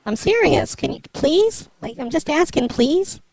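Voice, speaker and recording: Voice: high-pitched, lively intonation, moderate pace, no echo, voice pushed up. A prank caller playing a brash, foul-mouthed woman neighbor who bosses people on the phone. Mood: pushy. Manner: rude, bossy, swears a lot.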